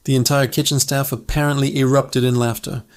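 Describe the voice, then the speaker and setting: A man's voice: medium pitch, level tone, fairly quick. A man hosting his channel, telling funny stories in an upbeat, conversational narration. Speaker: channel host. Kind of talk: scripted storytelling narration.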